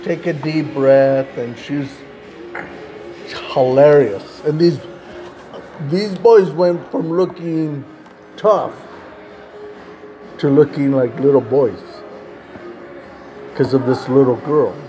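A man's voice: on the high side, takes it slowly, pauses often, soft background music. Plainspoken man telling a story. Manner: earnest, plainspoken, animated retelling. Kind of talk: storytelling in a conversation.

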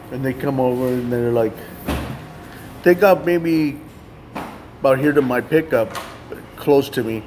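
Man, interview guest, casual storytelling, animated, acts out voices, laughs often, mid-range pitch. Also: unhurried, pauses often, noisy background. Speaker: guest telling his ministry story.

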